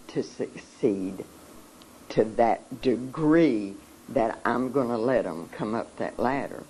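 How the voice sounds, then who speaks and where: An adult giving an emotional talk at a seminar, speaking earnestly in a halting way, with many pauses and repeated words. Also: mid-range voice, a little mellow, breathy edge, poor audio.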